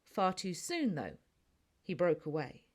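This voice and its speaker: A woman's voice: on the low side, very animated, measured pace. A woman with a British accent narrating a first-person audiobook in a chatty, snarky, conversational manner.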